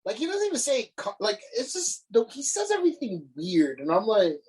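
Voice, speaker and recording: A man's voice: sits high, huge pitch swings, brisk, darkish tone, breathy edge, rough recording. A man co-hosting a casual podcast, ranting with frequent swearing and restarts. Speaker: podcast co-host.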